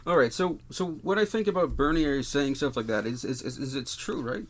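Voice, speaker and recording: A man's voice: medium pitch, brisk. A man from Canada, co-hosting a casual political podcast and talking emphatically, often repeating words as he starts a point. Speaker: podcast co-host.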